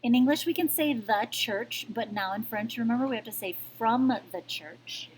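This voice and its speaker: A woman's voice: on the high side, normal speed, slight background noise, poor audio. A woman teaching a French grammar lesson, explaining patiently step by step and often checking in with "okay?". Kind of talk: recorded classroom lesson.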